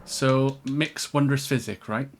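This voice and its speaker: A man's voice: medium pitch, fairly even intonation, slow, a little hiss or hum. A man with a Welsh accent hosting a co-op let's play, chatting casually and joking around while he plays. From Wales. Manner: joking, playful, swears often. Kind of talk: casual gaming chat.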